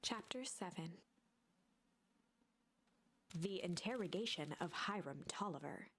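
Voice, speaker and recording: Hushed woman narrating a spooky storybook game. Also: fairly low pitch, expressive, measured pace, a little hiss or hum. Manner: hushed, suspenseful, often half-whispered. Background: game music.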